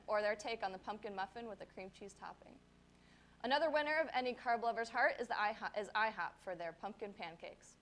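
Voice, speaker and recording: A young woman presenting a scripted segment, upbeat and chatty. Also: fairly high pitch. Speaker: segment reporter.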